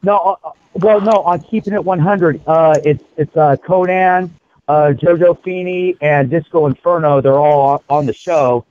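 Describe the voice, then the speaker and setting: A man co-hosting a casual online hangout show, excitable and rambling with many fillers. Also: a little high, moderate pace. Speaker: co-host. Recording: dull lo-fi mic.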